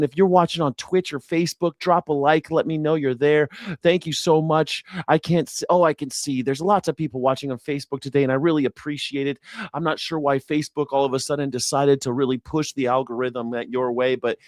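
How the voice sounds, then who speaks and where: A man's voice: on the high side, fairly even intonation, fairly quick, no room sound, clean studio sound. A man hosting a livestreamed news reaction show, hyped and sarcastic, with sing-song asides. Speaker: host.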